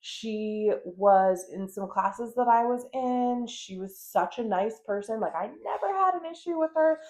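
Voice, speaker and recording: A woman's voice: fairly high pitch, expressive, unhurried, a little mellow. Chatty, frank woman podcast host. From United States. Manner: chatty, frank, swears, frequent fillers and laughs. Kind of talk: casual chat.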